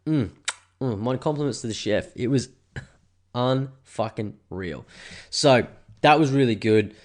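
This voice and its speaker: A man's voice: mid-range voice, takes it slowly. An Australian man in his thirties, hosting a podcast and chatting casually, rambling and swearing as he tells his weekend stories. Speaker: podcast host. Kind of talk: casual solo podcast chat.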